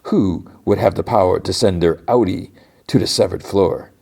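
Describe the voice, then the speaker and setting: An agitated, accusing middle-aged office worker, quoted by a man recapping a show. The voice sits low and deep, pushed a little higher when the character grows frantic. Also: normal speed, vocal fry, a little mellow, slightly rough, exaggerated voice. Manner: quoted lines in a recap, half-acted.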